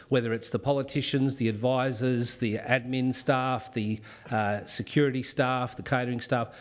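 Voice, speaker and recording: A man with an Australian accent giving an anecdotal speech at a union event, self-deprecating and chatty. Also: lowish voice. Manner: self-deprecating storyteller, laid-back and chatty.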